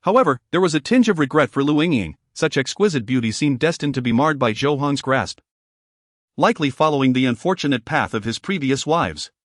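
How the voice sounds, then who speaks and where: A man narrating a serialized novel in an even, formal storytelling manner. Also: medium pitch, no echo, clean studio sound. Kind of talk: scripted audiobook narration.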